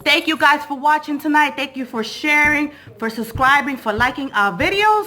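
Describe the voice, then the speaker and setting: Woman, vlog host, bright tone, playful, laughing, out of breath. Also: high-pitched, normal speed. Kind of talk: casual vlog giveaway.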